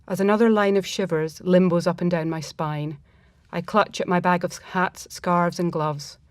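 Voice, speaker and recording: A woman reading a first-person story aloud in a reflective, measured manner. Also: lowish voice, steady tone, no echo, clean studio sound.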